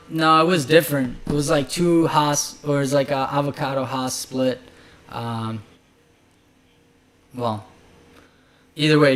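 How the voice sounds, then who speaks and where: A man who is a chef, chatting loosely about cooking on a podcast with many fillers and restarts. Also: on the high side. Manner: loose, rambling, filler-heavy. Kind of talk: casual chat.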